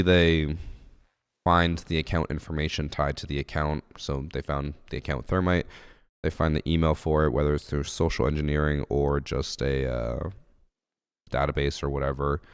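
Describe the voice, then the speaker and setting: A man's voice: extremely low pitch, steady tone, moderate pace, smooth, dry recording, studio quality. A congested male streamer chatting casually and wryly with his chat about a game. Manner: chatty, answers chat, wry.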